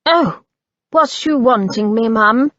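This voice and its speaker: A woman's voice: a little high, expressive, slow pace, a bit bright, no echo, muffled recording. A woman voicing an evasive, sulky old male servant with rustic, grumbling speech.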